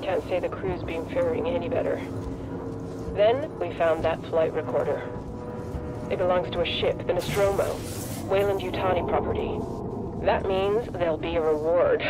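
A man's voice: high voice, steady tone, normal speed, long pauses, close to an everyday voice, low-quality recording. An actor playing a tired male salvage ship captain recording a hopeful, reflective log entry. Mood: weary hopeful. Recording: loud static-hissing audio log.

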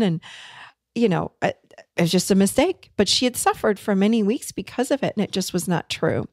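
A woman's voice: mid-range voice, very animated, normal speed, no echo, clean studio sound. A woman hosting a podcast, talking to listeners in an earnest, conversational way about personal growth. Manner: earnest, conversational, acts out remembered dialogue. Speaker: podcast host. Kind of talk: casual teaching monologue.

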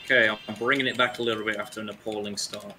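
A man's voice: on the low side, steady tone, quick pace, sharp tone, slight background noise. A man chatting casually while racing through a speedrun, talking through his moves with self-mocking asides. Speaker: speedrun racer.

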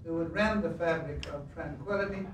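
A man giving a formal ceremonial toast with measured, solemn delivery. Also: fairly high pitch. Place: large ceremonial room. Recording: echoey hall from far off, noisy archive recording.

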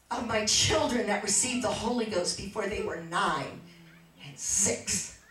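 A middle-aged woman preaching a fervent sermon, moving from quiet storytelling to shouted exhortation. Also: mid-range voice, unhurried. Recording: echoey church from far off.

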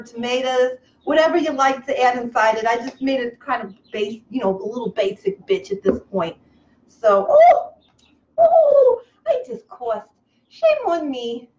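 A woman hosting a comic live cooking show from a kitchen, over-the-top excitable, breaking into squeals and gushing. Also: high-pitched. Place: home kitchen. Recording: echoey kitchen, slightly dull, faint hiss.

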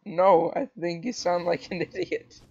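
A man's voice: sits high, a little slow, gravelly, husky, lo-fi sound. A man teasing his friend while gaming, with sudden playful yelps. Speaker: gamer co-host. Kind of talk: casual gaming chat.

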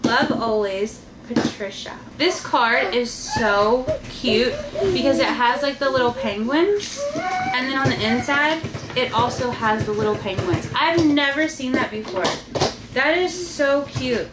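A woman hosting a casual family unboxing vlog, gushing and excitable, often laughing as she reads cards aloud. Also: sits high, unhurried. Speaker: vlog host and mother. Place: family home with kids playing. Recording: echoey room with loud household noise.

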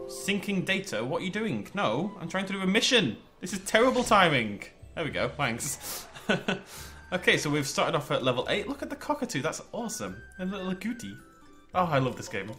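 A gaming channel host from northwest England narrates a let's play over music, his voice fairly high, very animated, and a little fast. He chats, exclaims, and talks to himself as he plays.

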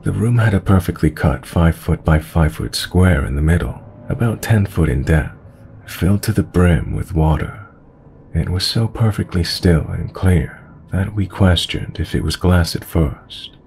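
Male horror narrator with a low, gravelly voice and a calm, measured read. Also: slight background noise. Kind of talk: scripted horror story narration.

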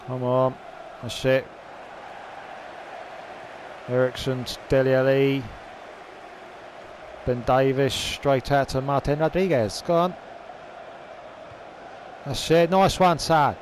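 A man's voice: medium pitch, steady tone, slow pace, pauses often, a little hiss or hum. A young man giving casual commentary over a football video game, swearing and grumbling at the play and the referee. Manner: swearing, frustrated, shouts at the referee. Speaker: gaming commentator.

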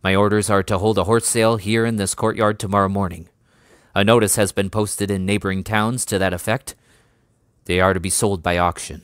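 A man voicing a stiff, reluctant army major who speaks quietly but firmly, in a storybook reading. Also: lowish voice, fairly even intonation, fairly quick, clear, resonant tone, no room sound, studio quality, natural voice.

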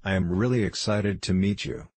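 A man reading English example sentences aloud for shadowing practice, saying each one twice in a measured way. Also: on the low side, a little mellow, husky, no echo.

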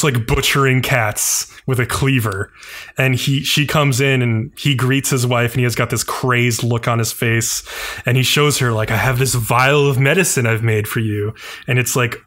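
A man retelling a cartoon episode on a podcast in a relaxed, rambling way. His voice sits at an ordinary middle pitch, and he leans on filler words as he goes. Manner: loose, filler-heavy storytelling with many "like"s. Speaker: podcast co-host. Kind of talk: casual chat, recapping an anime episode.

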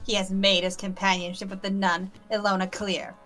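A woman's voice: medium pitch, level tone, a bit bright, soft background music, lightly acted. Inari, a stern hunter, read by a woman. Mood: formal. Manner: formal, measured, authoritative. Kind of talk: reading game dialogue aloud.

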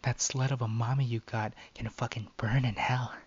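A man's voice: medium pitch, steady tone, quick pace, darkish tone, no echo, highs cut off, natural voice. A man voicing a cruel, mocking teenage girl bully who switches to a whiny fake-cute tone. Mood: vicious. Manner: taunting, fake-cute whining.

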